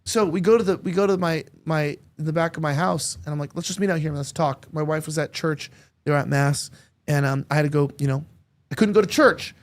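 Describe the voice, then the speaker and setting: Animated higher-voiced man telling a story. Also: a little fast. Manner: animated, crude joking anecdotes. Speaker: podcast host. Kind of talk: casual storytelling chat.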